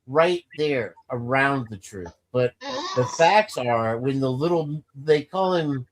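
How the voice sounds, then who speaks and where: A man's voice: mid-range voice, animated, slow, a little hiss or hum, rough recording. A man hosting a casual show, rambling and joking with a co-host about movies. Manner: rambling, jokey, quotes movie lines in shouted voices. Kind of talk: casual banter.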